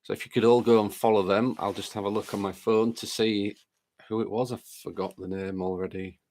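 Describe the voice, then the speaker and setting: A man with a fairly low voice hosts a live stream in a relaxed, chatty way. He works through the viewer comments, reads them aloud and greets people by name one after another. He still has a lingering chest cold. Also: a little fast.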